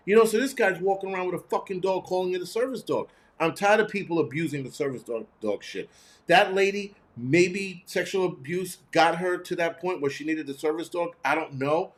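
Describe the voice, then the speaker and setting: Man, show host, casual monologue, blunt and cussing, slightly high voice. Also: a little fast. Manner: blunt, profane, animated storytelling.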